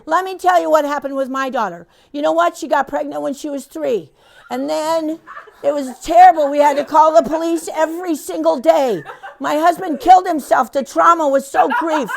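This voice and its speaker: A woman's voice: high voice, big pitch swings, unhurried, pitched above the performer's own voice, heavily acted. A woman playing a pushy, oversharing busybody who lectures a tired mother and tells exaggerated tragic stories while laughing, in a comic training role-play. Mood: melodramatic.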